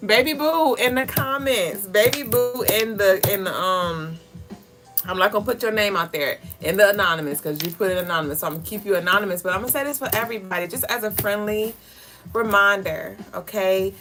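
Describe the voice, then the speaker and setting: A woman's voice: mid-range voice, fairly quick, fairly bright tone. A young woman co-hosting a spiritual livestream, talking candidly in slangy casual chat, swearing offhand, laughing often, and reading viewer comments aloud. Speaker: livestream co-host. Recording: music playing clearly behind.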